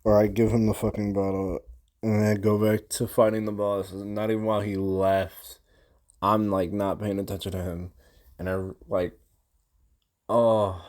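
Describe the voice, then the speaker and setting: Slow, low-voiced swearing young man. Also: little pitch movement, a little mellow. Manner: profane, rambling, slangy. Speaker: gamer recapping a session. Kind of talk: casual ranting storytime. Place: his own room.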